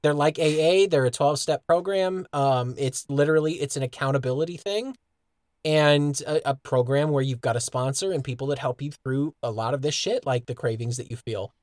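A man co-hosting a podcast in casual chat, relaxed and earnest, swearing casually. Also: mid-range voice, brisk, dry recording. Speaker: podcast co-host.

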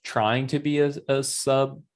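A man's voice: medium pitch, steady tone, measured pace. A man casually discussing a superhero movie with an easygoing, joking manner. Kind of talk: casual movie review chat.

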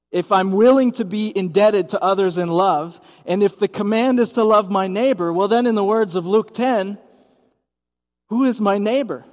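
The speaker is a pastor whose voice sits high, preaching a sermon in a gymnasium during a church service. He addresses the congregation conversationally and poses questions to them, and the sound carries a long reverb tail.

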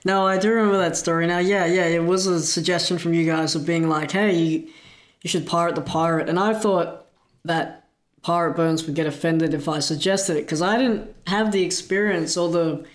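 A man's voice: a little high, steady tone, moderate pace. A man casually recounting a story from his past, talking loosely with lots of likes and asides. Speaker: wrestler recalling a story.

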